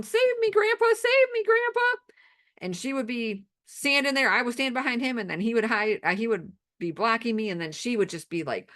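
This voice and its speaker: Brief: adult woman, somewhat low voice, amateur stand-up, playful and self-mocking storytelling. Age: adult with children. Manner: playful, self-deprecating, animated anecdotes. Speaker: amateur comedian.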